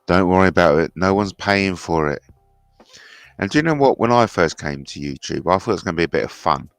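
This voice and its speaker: A man's voice: sits low, lively intonation, brisk, gravelly, fairly bright tone, dry recording, studio quality, faint music behind. A man hosting a casual livestream, chatting in blunt banter with some swearing, reading out viewers' comments and answering them. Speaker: livestream host.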